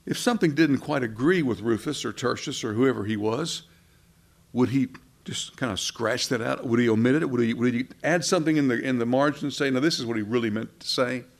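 A man's voice: mid-range voice, a little fast, vocal fry. A man preaching a sermon in a conversational way, with asides and rhetorical questions.

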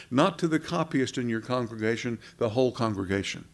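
A man with a gravelly, creaky voice preaches a sermon at a middle pitch. He talks conversationally, asking his listeners rhetorical questions and stopping for asides. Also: expressive, brisk, few pauses.

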